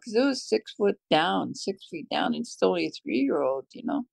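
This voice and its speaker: A woman's voice: medium pitch, sing-song, normal speed, gravelly, hardly any pauses, darkish tone, no room sound. A middle-aged American woman telling a heartfelt personal faith story, emotional and tearful at times. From United States. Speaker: guest sharing a faith testimony.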